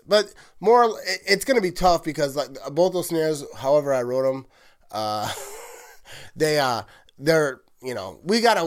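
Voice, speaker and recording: A man hosting a solo sports podcast, rambling and excited, often correcting himself and laughing at his own slips. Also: high-pitched. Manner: rambling, heavy use of "like", self-correcting. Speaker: podcast host.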